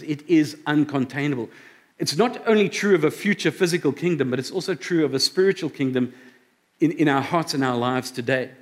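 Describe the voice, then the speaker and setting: A pastor preaching a sermon to his congregation, conversational and emphatic, often checking in with his listeners. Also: fairly high pitch. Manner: conversational preaching with rhetorical questions. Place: church service before a congregation.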